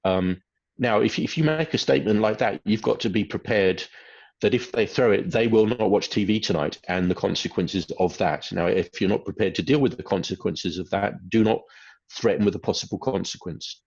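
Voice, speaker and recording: Low gravelly man, lo-fi webinar. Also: normal speed, a little mellow. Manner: hesitant, many fillers, acts out quoted phrases. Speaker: webinar presenter on behaviour. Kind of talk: lecture. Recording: dull lo-fi webinar audio.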